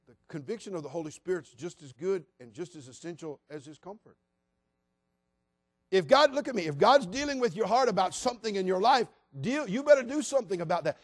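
A man preaching a sermon as pastor, passionate, moving between loud appeals and hushed, quiet passages. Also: high voice, no room sound, studio quality.

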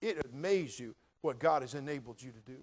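An older man preaching a folksy sermon as pastor, swinging between quiet asides and loud emphatic lines. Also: medium pitch, lively intonation, a little fast. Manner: folksy, jokey, addresses crowd as brother.

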